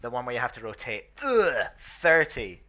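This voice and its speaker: A man's voice: medium pitch, big pitch swings, normal speed, pushed and bright, slight background noise. A young Scottish man from the northeast, chatty and self-deprecating, hosting and commentating on a casual online match. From northeast Scotland. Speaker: host.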